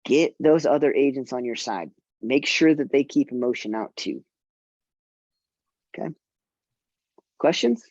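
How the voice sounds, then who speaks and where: A man's voice: medium pitch, animated, a little slow, long pauses, darkish tone, no echo, highs cut off. A man giving a conference talk to fellow real estate agents, in a conversational manner that acts out conversations with clients.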